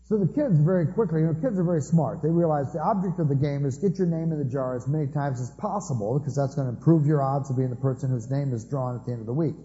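A man preaching in a conversational way, spinning funny everyday stories with quick asides. His voice sits fairly high yet sounds mellow and soft-edged. The recording is dull and carries a long hall reverb. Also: a little hiss or hum. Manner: humorous storytelling with asides. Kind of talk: conversational sermon.

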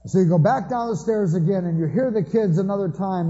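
A man's voice: high-pitched, fast, hardly any pauses, mellow. Man preaching with dry humor, reverberant hall. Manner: humorous storytelling with asides. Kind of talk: conversational sermon. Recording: dull recording with long hall reverb.

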